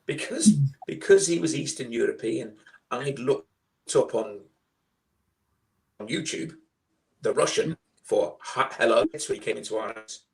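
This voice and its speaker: A man, a guest on a live online chat, telling a story with lively acted-out dialogue over a video call. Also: mid-range voice, unhurried, creaky, long pauses. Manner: animated storyteller, acts out dialogue.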